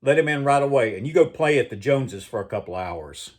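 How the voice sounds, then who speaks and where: A brash young mother brushing off a question, as a man reads her lines. The voice is barely changed from his own, a touch quick and offhand. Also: mid-range voice, lively intonation, natural voice.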